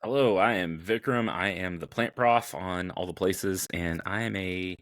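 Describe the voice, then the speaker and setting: Low-voiced, dry-humored professor. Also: male voice, a little slow, a bit bright, dry recording. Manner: dry, self-deprecating humor. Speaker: horticulture professor and podcast co-host. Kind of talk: casual podcast chat.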